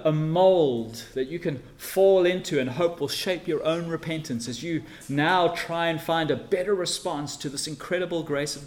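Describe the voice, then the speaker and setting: A man preaching a sermon and reading scripture, earnest, swelling loud on key phrases and dropping soft for emphasis. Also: on the high side.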